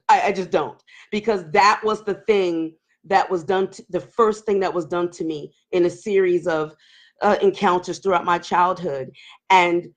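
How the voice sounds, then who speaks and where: A woman in her forties hosting a candid live-stream talk, speaking emotionally and laughing nervously as she opens up. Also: lowish voice. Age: 40s. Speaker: host.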